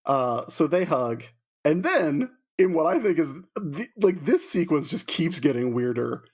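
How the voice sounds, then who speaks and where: A man's voice: fairly high pitch, very animated, a little slow, breathy edge. A man with a Southern US accent co-hosting a podcast in casual chat, teasing and giggly. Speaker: podcast co-host.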